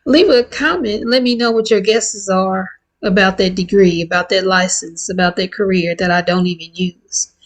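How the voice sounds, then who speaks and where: A woman in her fifties talking candidly and warmly to her viewers in a casual, heartfelt vlog. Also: mid-range voice, normal speed, few pauses, rough recording. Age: 50s. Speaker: vlogger. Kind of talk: casual chat to camera.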